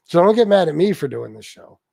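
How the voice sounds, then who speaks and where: A man running a live stream in a loose, chatty way. He is blunt and swears a lot, and his voice sits a little high for a man. The sound is close and dry, with no room echo. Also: very animated, fairly quick, gravelly, dark tone. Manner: blunt and profane, reading out viewer names. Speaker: livestream host. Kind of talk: casual livestream chat.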